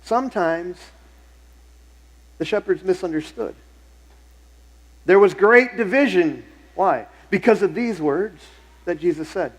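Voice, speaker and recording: Pastor, man, middle-aged, fairly high voice, conversational sermon with repeated phrases for emphasis. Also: expressive, slow, long pauses, poor audio. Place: church sanctuary.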